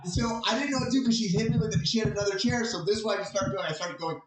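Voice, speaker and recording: A man doing stand-up, telling a story with lively acted-out shouts and laughing at himself in a comedy club. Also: sits high, very fast, loud music behind the voice. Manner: animated, acts out shouted quotes, laughs at his own story. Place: comedy club with a live audience. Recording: echoey club room with crowd.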